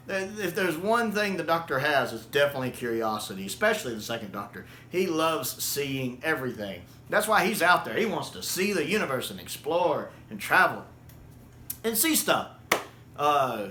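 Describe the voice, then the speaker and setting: A man casually reviewing a show, enthusiastic and quick to laugh. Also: fairly high pitch, pushed and bright. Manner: enthusiastic, laughs often, acts out quotes. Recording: echoey room with faint hiss.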